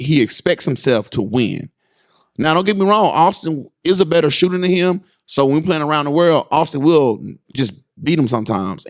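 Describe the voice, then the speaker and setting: A man in his thirties hosting a casual parenting podcast. He tells family stories in a lively way, keeps checking in with his listeners, and acts out his sons' voices with big jumps in pitch. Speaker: podcast host and father.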